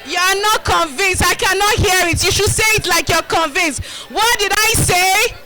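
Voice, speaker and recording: A woman's voice: very high-pitched, moderate pace, music in the background, poor audio. A middle-aged woman with a Nigerian accent giving a live demonstration talk to a community group, rousing the crowd with call-and-response. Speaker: community health educator. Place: community gathering.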